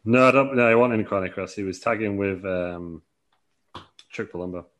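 A man's voice: lowish voice, moderate pace, a bit bright. A man co-hosting a podcast in loose, rambling casual chat. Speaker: podcast co-host.

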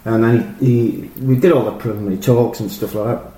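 A middle-aged man, a former footballer, telling animated, rambling stories full of fillers and restarts. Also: mid-range voice, fairly quick. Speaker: former professional footballer, guest. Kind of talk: casual anecdotal storytelling. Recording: roomy echo with faint noise.

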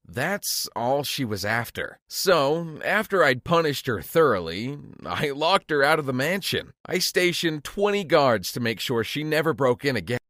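A man's voice: medium pitch, a bit bright, no room sound, clean studio sound. A man narrating a dramatic first-person story in a scripted storytelling style.

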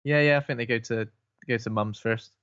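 A man chatting about a film, animated and slipping into character voices for quotes. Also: medium pitch, fairly quick, no echo. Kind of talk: casual film discussion. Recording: dry, slightly dull mic.

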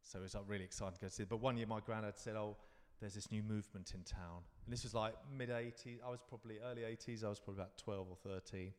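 Fiftyish london guy rambling through memories, lots of restarts, lowish voice, big echoey room. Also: fairly even intonation, fast, few pauses. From London, England. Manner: rambling, reflective storytelling with frequent restarts. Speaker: guest performer. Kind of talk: live interview chat.

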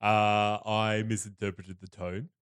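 A man co-hosting a comedy podcast, talking in a dry, deadpan way. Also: fairly low pitch, a little slow, smooth. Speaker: podcast co-host. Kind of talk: casual comedy chat.

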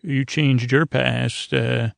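A man voicing a smug, godlike male trickster in a slow, taunting drawl, as he retells a story. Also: medium pitch, fairly even intonation, vocal fry, dry recording. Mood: mocking.

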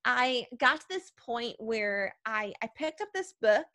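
A woman guest on a faith podcast, telling her story in a lively way, acting out her past thoughts and often asking 'right?'. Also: a little high, unhurried, no room sound, clean studio sound. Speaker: podcast guest, preacher and speaker.

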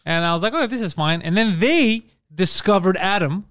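A man hosting a podcast, telling stories in a profane, animated way and acting out the people he quotes. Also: high-pitched, moderate pace, smooth, no room sound. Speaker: podcast host. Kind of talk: casual chat, storytelling.

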